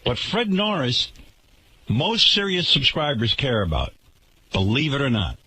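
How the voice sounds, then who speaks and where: A man's voice: medium pitch, sing-song, a little slow, sharp tone, a little hiss or hum. A man hosting a radio talk show, delivering an indignant, sarcastic rant to his listeners.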